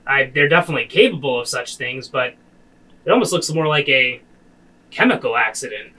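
A man's voice: medium pitch, animated, a little fast, bright, forceful tone, poor audio. A man voicing a weary, thoughtful male leader of a small settlement, in a rambling way.

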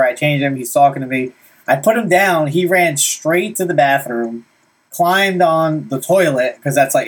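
Husky young dad rambling casually. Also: male voice, fairly high pitch. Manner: rambling, lots of "like" and "right?". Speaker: vlogger dad. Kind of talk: casual storytelling to camera.

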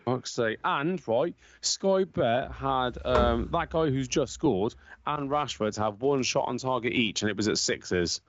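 A young man co-hosting a casual football podcast, swearing freely and telling animated stories full of banter. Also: medium pitch, a little slow, hardly any pauses, muffled recording, noisy background. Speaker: podcast co-host.

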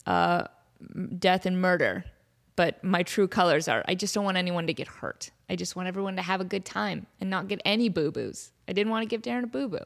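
A young adult woman hosting her podcast, telling stories in a casual, animated, self-mocking way, laughing often. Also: fairly low pitch, brisk, creaky. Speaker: podcast host. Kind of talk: casual storytelling monologue.

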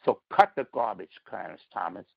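A man's voice: deep voice, expressive, fairly quick, vocal fry, breathy edge, no echo, highs cut off. A man calling in to a political podcast, talking in a combative, emphatic way and stressing his words. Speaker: caller. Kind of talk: call-in political commentary.

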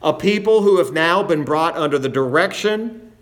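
A man preaching an expository sermon, reading scripture aloud and slowing down to stress key phrases. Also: fairly high pitch, expressive. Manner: quotes scripture in old-fashioned wording.

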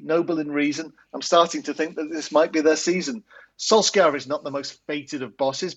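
A man with a fairly high voice talks football in a casual, restart-heavy way and turns lively when he recites rhyming verse. His audio comes through dull and lo-fi from a remote setup. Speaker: podcast co-host and rhyming recap poet.

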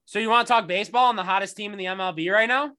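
A man in his thirties co-hosts a podcast, ranting sarcastically and cursing through casual sports talk. His voice is high and sharp in tone, and he races along.

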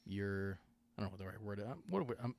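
A man's voice: on the low side, lively intonation, brisk, vocal fry, darkish tone. A man hosting a podcast in casual chat, rambling and digressing, often correcting himself mid-sentence. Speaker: podcast host.

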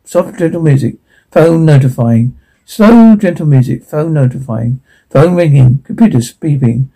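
A man's voice: fairly high pitch, animated, a little slow, creaky, warm tone, slightly rough, low-quality recording. A man narrating a short drama by reading its sound descriptions and dialogue aloud in a plain, listing way.

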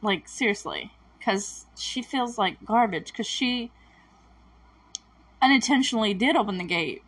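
Breathy woman recapping a show. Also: fairly high pitch, lively intonation, measured pace, a bit bright. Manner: chatty and emotional, many fillers and self-corrections. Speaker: TV episode recapper. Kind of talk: casual recap commentary.

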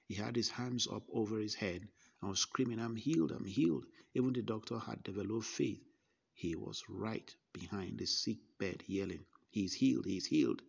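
A man reading a first-person narration in a measured way, with small slips and restarts. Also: lowish voice, gravelly, slightly rough, highs cut off. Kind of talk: scripted narration.

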